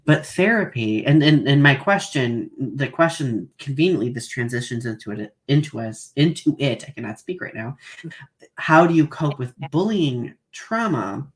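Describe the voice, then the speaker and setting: A young adult man hosting a live podcast in casual chat, talking haltingly with many restarts. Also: medium pitch, animated. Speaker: podcast host.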